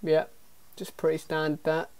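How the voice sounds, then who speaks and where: A man's voice: fairly high pitch, completely flat delivery, normal speed, darkish tone, clean tone. A young man giving casual, self-mocking reaction commentary on his old videos, swearing often. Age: young adult. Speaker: YouTuber.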